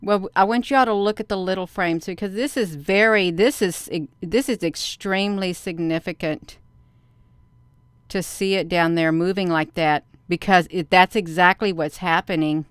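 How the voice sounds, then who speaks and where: A woman hosting a casual vlog who talks excitedly to her viewers, repeats herself and sounds out of breath. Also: fairly low pitch, normal speed, clean tone, no room sound. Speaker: video channel host.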